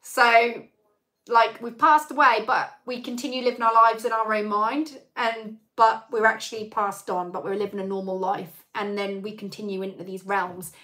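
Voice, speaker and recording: A woman's voice: medium pitch, steady tone, normal speed, pushed and bright. A young woman hosting a live Q&A, chatting in a rambling way with lots of fillers. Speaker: channel host. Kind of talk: live-stream Q&A chat.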